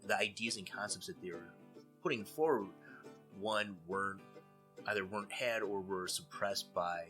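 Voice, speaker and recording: A man's voice: fairly low pitch, moderate pace, sharp tone, faint music behind. A man who teaches art, co-hosting a podcast in easygoing chat, explaining ideas thoughtfully with plenty of fillers. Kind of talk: casual chat about art.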